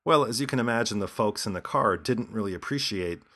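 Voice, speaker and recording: A man's voice: fairly low pitch, lively intonation, brisk, bright, forceful tone. A man hosting a podcast with scripted commentary and a sardonic, lecturing manner. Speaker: podcast host.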